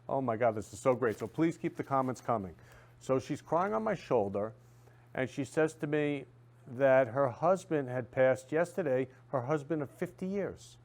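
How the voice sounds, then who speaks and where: A man hosts a talk show in an effusive, repetitive way. He says the same phrase again and again. His voice sits at a middle pitch. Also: a little mellow. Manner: effusive, repeats phrases, reads viewer comments aloud. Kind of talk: casual talk show monologue.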